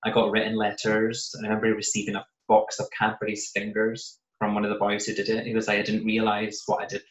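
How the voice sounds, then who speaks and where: A British man quietly telling a personal story in a casual podcast chat, often voicing what he said and thought back then. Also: fairly low pitch, completely flat delivery, quick pace. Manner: soft-spoken, recounting with quoted asides. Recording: roomy, slightly muffled podcast audio.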